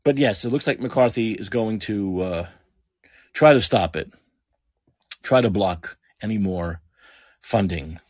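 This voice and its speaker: A man's voice: lowish voice, measured pace, pauses often, a little mellow, no room sound, studio quality. A man hosting a podcast, delivering blunt, heated political commentary, swearing freely and repeating phrases for emphasis. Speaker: podcast host.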